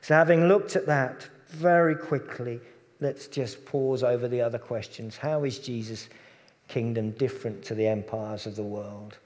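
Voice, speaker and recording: A man delivers a conversational sermon at a middle pitch. He often sinks to soft, hushed tones on tender points. His voice rings with the long reverb of a church hall. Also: moderate pace. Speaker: preacher.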